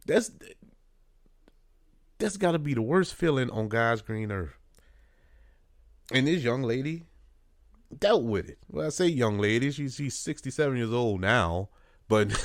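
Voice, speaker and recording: A man's voice: a little high, no echo. Earnest New man, dry studio. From New Orleans. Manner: conversational, many fillers, earnest. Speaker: radio host. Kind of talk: casual spoken commentary.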